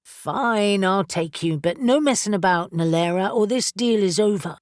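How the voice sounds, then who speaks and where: A woman's voice: mid-range voice, normal speed, no echo, studio quality, natural voice. A woman voicing an uneasy, suspicious young winged man in an audiobook, speaking warily and bluntly. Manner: wary, blunt.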